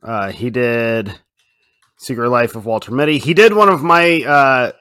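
A man with a mid-range voice talks slowly and unhurriedly in a casual podcast chat, often stretching out his words. He laughs easily, and his voice sounds close and dry, with no room echo. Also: mid-range voice, clean tone. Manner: relaxed, drawn-out, laughs easily. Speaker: podcast co-host.

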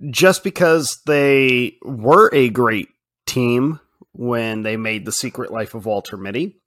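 Slow-talking laid-back male podcast host. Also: medium pitch, dry recording, clean studio sound. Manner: relaxed, drawn-out, laughs easily. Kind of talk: casual chat.

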